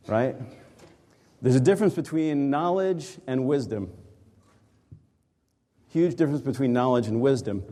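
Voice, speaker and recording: A man speaks to a live crowd in a large hall, his voice dark and mellow as long reverb trails after each phrase. He tells his story in a reflective, conversational way, the easy manner of an executive coach. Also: medium pitch. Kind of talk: storytelling talk to a live audience.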